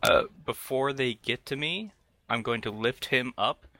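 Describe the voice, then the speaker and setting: Bright-voiced man playing a tabletop game. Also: mid-range voice, measured pace, slight background noise. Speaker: player.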